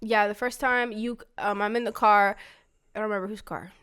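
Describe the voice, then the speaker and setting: Smooth-voiced chatty young woman storyteller. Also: medium pitch, fairly even intonation, a little fast, fairly bright tone. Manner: chatty, fills talk with "like", acts out quoted lines. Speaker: daughter telling her story. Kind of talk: casual storytelling.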